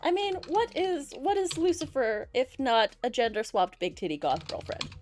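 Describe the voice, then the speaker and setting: A woman chatting as a guest on a casual tabletop-games show, playful with quick joking asides. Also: high-pitched, a little mellow, soft background music. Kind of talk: casual chat.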